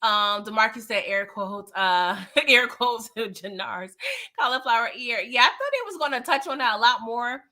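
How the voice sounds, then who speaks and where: A woman's voice: on the high side, lively intonation, normal speed, sharp tone. A woman casually recapping TV episodes for her viewers, chatty and slangy, talking straight to the audience. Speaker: TV show recap vlogger.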